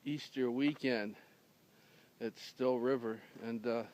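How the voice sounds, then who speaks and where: Slow, smooth-voiced deadpan storyteller man. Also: medium pitch. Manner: rambling, many fillers and restarts, dry delivery. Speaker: humorous storyteller. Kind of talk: casual deadpan anecdote telling.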